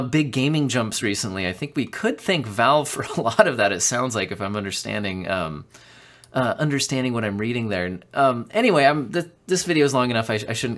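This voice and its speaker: A man with a head cold talks through tech news in a casual, chatty way, often stopping with ums and restarting his sentences. His pitch moves around a lot as he talks. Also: a bit bright. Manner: chatty, with many ums and self-corrections. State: has a cold. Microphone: studio condenser mic.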